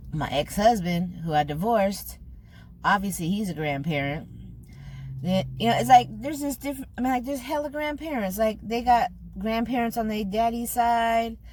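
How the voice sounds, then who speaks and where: A woman's voice: medium pitch, moderate pace, a little mellow, a little hiss or hum. An older woman with a Californian accent talking earnestly to camera in a vlog, slangy and emphatic, getting choked up. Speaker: food vlogger. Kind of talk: casual heartfelt talk to camera.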